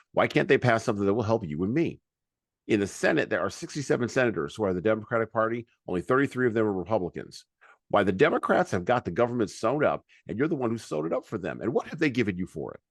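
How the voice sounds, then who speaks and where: A man's voice: fairly low pitch, no echo. A man co-hosting a podcast, reading long speech excerpts aloud between hesitant, filler-heavy asides. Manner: halting with many fillers in commentary, more forceful when quoting. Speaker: podcast co-host.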